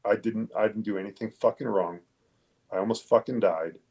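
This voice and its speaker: A man with a low, gravelly, somewhat husky voice tells his story as a guest in an interview. He is a police detective who speaks bluntly and emphatically, swearing freely. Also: fairly even intonation, normal speed, darkish tone.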